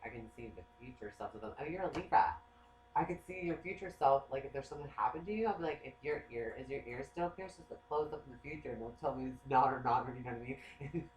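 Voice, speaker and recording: A man who works as a psychic, talking in a casual, rambling monologue. He swears a lot and gets excitable. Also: medium pitch. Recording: echoey room, faint noise.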